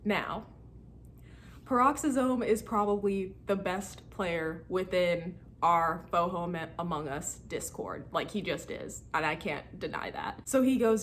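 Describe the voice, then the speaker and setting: A woman in her twenties telling stories in a casual vlog, animated and laughing as she acts out her friends' lines. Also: lowish voice, measured pace, a little hiss or hum. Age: 20s. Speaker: student vlogger.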